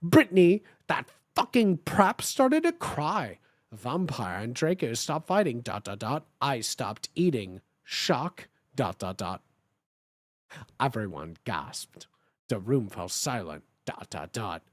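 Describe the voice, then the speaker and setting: A streamer host giving a comedic dramatic reading of fan fiction, with animated, swearing asides. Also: medium pitch, slow pace, dry recording, clean studio sound.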